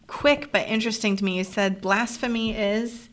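A woman, a pastor co-hosting a podcast, asking curious questions and reading scripture in a relaxed conversational manner. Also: on the high side, normal speed. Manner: curious, asks follow-up questions, reads scripture aloud. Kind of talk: casual theological conversation.

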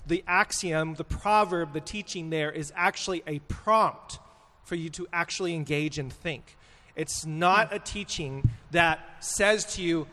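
A man's voice: a little high, a little slow, sharp tone, in a large hall. A man recapping a sermon in conversation, earnest and thinking aloud with fillers.

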